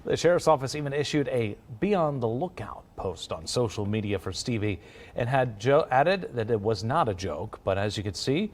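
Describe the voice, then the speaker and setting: A male news anchor reading a light morning news story in a lively, playful way. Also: mid-range voice, normal speed.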